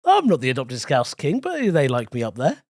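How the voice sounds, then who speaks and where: A British man in his thirties co-hosting a casual comedy podcast, teasing and dry with quick jokes. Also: medium pitch, wildly swooping pitch. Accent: British English.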